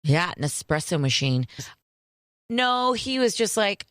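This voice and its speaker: Dry-humored woman co-host, lowish voice. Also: sing-song, a little slow, fairly bright tone, no room sound. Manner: dry, matter-of-fact, understated. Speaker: podcast co-host. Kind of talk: casual chat.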